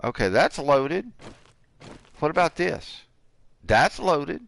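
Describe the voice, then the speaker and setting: A man's voice: fairly high pitch, sing-song, slow pace, vocal fry, a bit bright. A man in his sixties hosting a gaming channel, giving joking let's-play commentary and trash-talking the characters. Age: 60s. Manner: jokey, trash-talks the characters.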